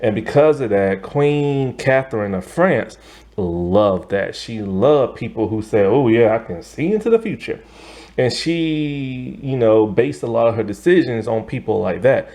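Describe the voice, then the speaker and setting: A man's voice: on the low side, darkish tone. A man casually recapping a TV episode in a chatty way, with many fillers and frequent laughs. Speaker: TV show reviewer.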